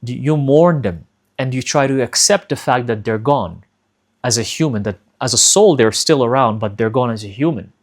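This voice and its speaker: A man with a voice of ordinary pitch delivers a spiritual advice monologue. He speaks earnestly and directly to his viewers. He repeats key lines for emphasis and leans on rhetorical questions. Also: moderate pace. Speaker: spiritual teacher.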